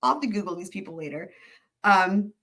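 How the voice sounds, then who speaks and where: A woman's voice: mid-range voice, expressive, brisk, creaky, a bit bright. Chatty, rambling woman hosting a live stream. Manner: rambling, laughs often, reads chat aloud. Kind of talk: casual live chat.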